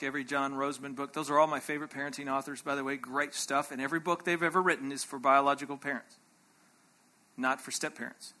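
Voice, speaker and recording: A man's voice: medium pitch, bright, forceful tone. A man teaching a conference breakout session in an emphatic way. He keeps checking in with his listeners and acts out short quoted voices. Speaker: workshop speaker.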